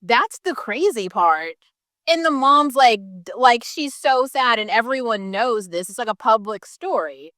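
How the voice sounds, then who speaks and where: With a slightly high, bright voice and lively intonation, a vlogger rants to camera at a measured pace. Her casual, heated talk is full of swearing and "like," punctuated by bursts of laughter mid-sentence. The audio is clean studio sound without echo.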